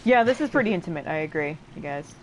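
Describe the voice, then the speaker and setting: A woman's voice: low voice, slight background noise, rough recording. A woman hosting a game playthrough, casually chatting and translating dialogue with lots of fillers and self-interruptions. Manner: paraphrases game dialogue in quick lively asides. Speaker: let's play host translating a game. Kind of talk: casual gameplay commentary.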